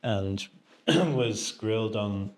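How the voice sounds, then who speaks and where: A man hosting a podcast, talking in a relaxed, rambling way with many fillers. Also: fairly low pitch, extremely slow. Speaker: podcast host. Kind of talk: casual podcast chat.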